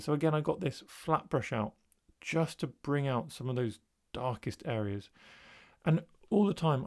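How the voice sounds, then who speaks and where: A man, an art tutor, narrating his own painting process in a relaxed, thinking-aloud voice-over. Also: medium pitch.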